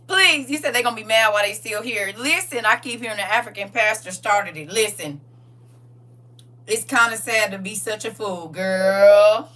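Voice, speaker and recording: Livestream host, woman, bright tone, animated and slangy with chat. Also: mid-range voice, moderate pace, recorded from a distance. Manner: animated, laughing, talks back to chat with slang. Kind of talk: casual livestream chat reading viewer comments.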